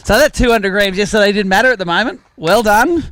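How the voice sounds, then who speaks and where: High-voiced Australian man hosting a weigh-in. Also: animated, fast talker, fairly bright tone, dry recording. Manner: joking, chatty, teasing anglers. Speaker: tournament host. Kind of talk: live weigh-in commentary.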